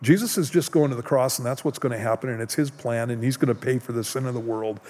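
A man preaching a sermon as a pastor, talking slowly and earnestly, with restarts. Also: mid-range voice, darkish tone. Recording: church hall reverb.

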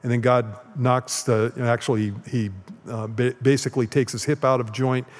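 A male pastor gives a relaxed Bible lesson and keeps checking in with his listeners. His voice sits at an ordinary pitch for a man. A long hall reverb trails after his words in a church sanctuary. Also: moderate pace. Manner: casual, checks in with "okay?" and "right?". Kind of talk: conversational Bible teaching.

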